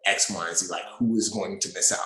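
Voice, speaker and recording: A man with a very low voice tells his story as a podcast guest, restarting often and acting out what others said. He grew up in New York after coming from western Africa. The room sounds echoey, and faint music sits underneath. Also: quick pace. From western Africa, raised in New York City. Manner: animated, with many restarts and acted-out quotes. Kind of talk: storytelling in a casual interview.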